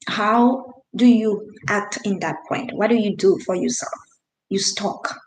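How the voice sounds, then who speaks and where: A woman's voice: medium pitch, unhurried, echoey room, slight background noise, poor audio. A woman from Haiti, in her thirties, telling a personal story in an earnest, emphatic way, with restarts and non-native grammar. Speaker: vlogger.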